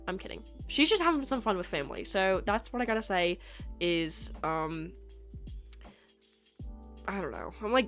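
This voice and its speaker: A young woman chats and jokes her way through a live stream, teasing her viewers in a casual, rambling way. Her voice sits at a middle pitch, and soft music plays faintly behind her. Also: animated, brisk. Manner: chatty, joking, teasing.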